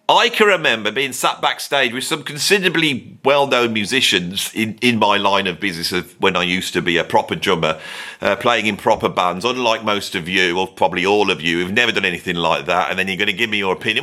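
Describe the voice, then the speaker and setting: A middle-aged man rants about music in an animated, sarcastic way, wandering off on tangents as he goes. His voice is bright and forceful. He talks straight to his viewers like a host who has done this many times. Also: medium pitch. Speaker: drummer and video host. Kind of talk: opinionated ranking monologue.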